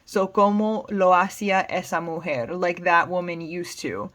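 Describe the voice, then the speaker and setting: Speaking at a normal speed, this fairly low, slightly bright female voice belongs to an American Spanish teacher. She goes through song lyrics one word at a time, explaining them patiently and plainly with fillers.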